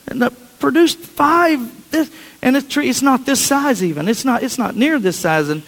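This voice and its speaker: A man's voice: very high-pitched, lively intonation, normal speed, a bit bright, big-room sound, poor audio. A man preaching a sermon, telling a family story in a chatty, anecdotal way with frequent restarts.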